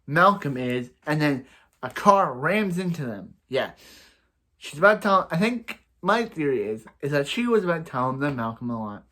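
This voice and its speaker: A man's voice: fairly high pitch, a bit bright. A young man casually recapping a TV episode as a reviewer, rambling and repeating himself, with playful bursts of sound effects.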